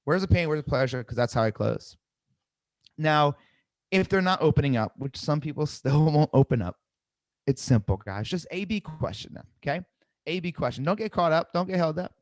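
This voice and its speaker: A man coaching a live sales webinar, seated, energetic, repeating key phrases and asking "right?" often. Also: a little high, moderate pace, no room sound. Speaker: sales trainer. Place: seated indoors at a desk.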